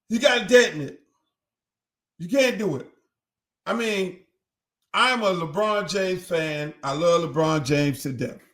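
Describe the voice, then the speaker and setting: An older man hosting a profane, animated commentary monologue, acting out other people's voices as he tells the story. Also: on the high side. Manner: animated, acts out others' voices, heavy cursing. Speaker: host.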